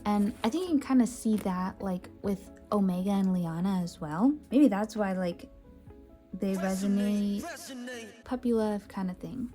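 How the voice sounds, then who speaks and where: An artist gives a casual voice-over tour of her sketchbook, her medium-pitched voice warm and a little slow. She chats and rambles with lots of fillers and restarts while faint music plays in the background.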